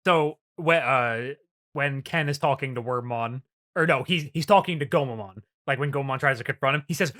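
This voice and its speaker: A man co-hosting a casual podcast, animated and laughing, swearing freely as he recaps an episode. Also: mid-range voice, moderate pace. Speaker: podcast co-host.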